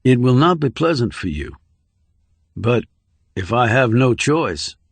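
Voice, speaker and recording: A man voicing a menacing middle-aged male interrogator who speaks formally, slowly and with condescension. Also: mid-range voice, sing-song, husky, dry recording, full character voice. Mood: threatening.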